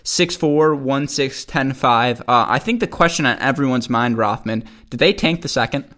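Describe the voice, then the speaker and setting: A man's voice: medium pitch, normal speed, a bit bright. A young man co-hosting a casual chat, joking, teasing and laughing often. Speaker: podcast co-host.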